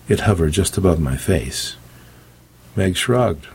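A man's voice: low voice, animated, measured pace, gravelly, darkish tone, a little hiss or hum. A man narrating an audiobook in the first person with dry, wry storytelling.

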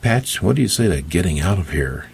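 A man's voice: low-pitched, big pitch swings, brisk, creaky, darkish tone, breathy edge, heavily acted. A man voicing a young vampire woman who answers in short, dry replies.

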